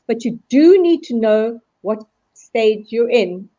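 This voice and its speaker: A woman's higher-pitched, mellow voice comes through muffled, lo-fi video call audio. She talks animatedly as a guest, slipping into quoted voices to make her points. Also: expressive, slow. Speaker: guest speaker on resilience. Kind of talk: live video call discussion.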